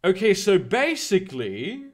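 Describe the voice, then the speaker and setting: Male streamer, fairly high, lively pitch, rambling casual commentary with plenty of swearing. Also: measured pace. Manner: rambling, profane, exasperated, with frequent restarts. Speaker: streamer reading chat and news.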